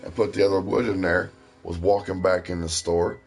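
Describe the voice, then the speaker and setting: A man's voice: low-pitched, steady tone, moderate pace, creaky, soft background music. A man from Ohio telling rambling personal stories in a casual, profane way. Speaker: stream host. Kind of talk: casual storytelling.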